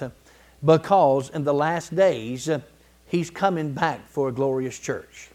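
A man preaching a sermon in a folksy, colloquial way, building to emphatic repeated phrases and clearing his throat now and then. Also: on the high side, measured pace, mellow. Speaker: pastor.

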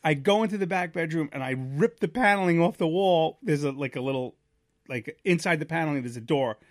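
Animated storytelling man, dry close sound. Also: fairly high pitch, brisk, no echo. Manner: animated, acts out quoted voices loudly. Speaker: podcast co-host. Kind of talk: casual storytelling chat.

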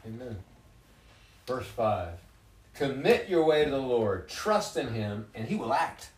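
A man's voice: mid-range voice, very animated, unhurried, far from the mic. Male Bible study leader, reads scripture and expounds; sits back from the mic in an echoey room. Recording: roomy sound from off-mic.

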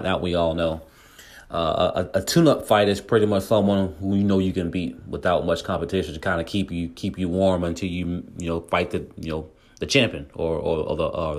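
A man hosting a podcast, casually retelling a story at length with lots of fillers and restarts. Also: deep voice. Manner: rambling, many fillers and restarts. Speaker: podcast host.

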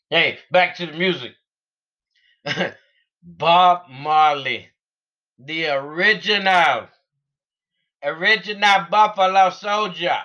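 A man's voice: mid-range voice, pushed and bright, lo-fi sound. A man vlogging in an unscripted, rambling way, earnest and laughing between thoughts. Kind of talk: casual unscripted monologue.

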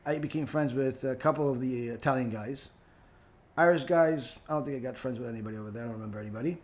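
A man's voice: mid-range voice, fast talker. A man who is a rabbi, giving an informal spoken lecture, rambling with many fillers and turning emphatic and scolding. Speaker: rabbi and teacher.

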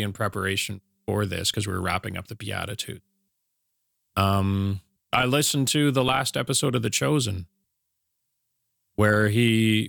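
An easygoing, soft-spoken man co-hosts a casual faith podcast with a self-deprecating, simple way of putting things. His voice is low and gravelly with a lot of fry, and it sounds dry and close to the mic. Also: no room sound. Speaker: podcast co-host.

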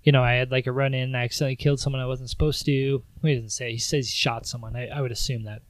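Guy cohosting a movie podcast, laughs a lot, does loud bits of the lines, dead dry sound. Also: mid-range voice, fairly even intonation, racing, no echo. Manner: laughs often, acts out movie lines loudly. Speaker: podcast co-host. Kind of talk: casual movie chat.

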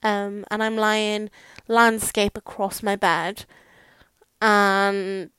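A woman's voice: mid-range voice, level tone, drawn-out words, sharp tone, smooth, no room sound. Chatty welsh gal rambling on her podcast from bed, dry close sound. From Wales. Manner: rambling, chatty and self-deprecating. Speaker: podcast host. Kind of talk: casual chat. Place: bedroom, lying on her bed. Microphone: microphone.

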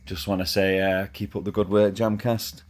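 A man tells a rambling night-out story in a voice message, his voice deep and held in a narrow range. He fills gaps with "uh" and keeps a cheeky, laddish tone, with faint music in the background. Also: little pitch movement, normal speed. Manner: chatty, laddish, full of fillers. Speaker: caller sending a voice message.

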